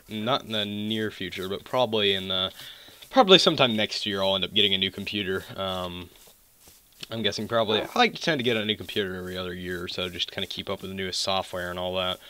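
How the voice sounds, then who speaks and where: A teenage boy with a mild Southern accent softened by Californian, talking in a fairly deep, low voice. He drifts off topic with joking asides while he plays and chats. A faint hiss sits under a cheap desk microphone. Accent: mild Southern US mixed with Californian. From US, California and South Carolina. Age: mid-teens. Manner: rambling, digressive, joking asides. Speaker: gaming channel host. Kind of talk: casual gameplay commentary. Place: at home at his computer desk. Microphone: cheap desktop microphone.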